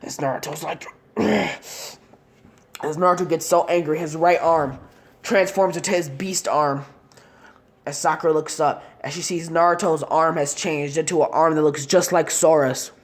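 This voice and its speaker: A woman's voice: low voice, fairly even intonation, normal speed. A woman casually narrating a fan-made story in long, rambling run-on sentences.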